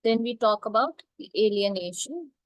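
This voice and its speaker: A woman teaching literature terms, repeating each point slowly and checking with "right?" and "clear?". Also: fairly high pitch, animated, no room sound, poor audio. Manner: slow, repetitive, checks understanding with "right?" and "clear?". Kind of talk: classroom lecture.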